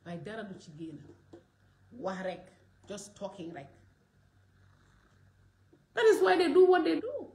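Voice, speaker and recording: A woman from the Gambia, giving an impassioned monologue that often rises to loud exclamations. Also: high-pitched, reverberant. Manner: rising to loud exclamations, mixing in Wolof. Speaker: commentator from the diaspora.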